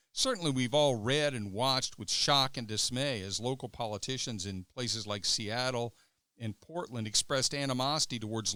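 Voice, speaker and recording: A man's voice: medium pitch, pushed and bright, no echo. A man hosting a political podcast, reading scripted commentary in a sarcastic, mocking way. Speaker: podcast host.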